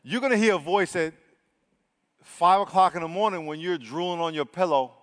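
A man's voice: high voice, normal speed. Preaching man in a reverberant hall. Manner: energetic, swings from loud to hushed. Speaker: pastor. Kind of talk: sermon.

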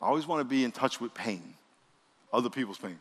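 A male pastor preaching a sermon, leading the congregation in call-and-response and swinging between loud bursts and quiet asides. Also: mid-range voice, lively intonation, fast talker, in a large hall, slight background noise. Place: church sanctuary.

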